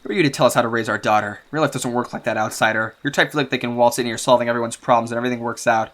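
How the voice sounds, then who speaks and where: A man's voice: mid-range voice, steady tone, very fast, fairly bright tone, lightly acted. A man voicing a harsh, scornful mother who scolds an outsider and her daughter. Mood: contemptuous. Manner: scolding, contemptuous.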